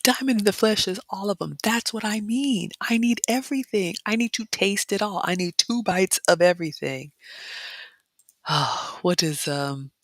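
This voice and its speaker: A middle-aged woman hosts a casual vlog, talking straight to her viewers and reading their comments aloud. Her voice sits at an ordinary middle pitch and sounds dry and close, with no room echo around it. Every so often she drops into a soft, excited whisper. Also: moderate pace. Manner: chatty, addresses viewers as y'all, reads comments aloud. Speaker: vlog host. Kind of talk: casual live-stream walkthrough.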